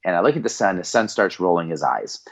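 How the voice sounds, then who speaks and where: A middle-aged performance psychologist, guesting on a podcast, tells stories earnestly and with animation, acting out the people he quotes. His voice is low, fast and creaky, and the lo-fi audio sounds slightly dull.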